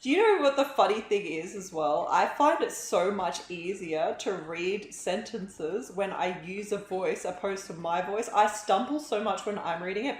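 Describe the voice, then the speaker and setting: A woman's voice: mid-range voice, slight background noise. A young woman streaming a game, chatting in a rambling, giggly way. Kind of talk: casual live-stream chat while gaming. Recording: roomy, echoey room sound.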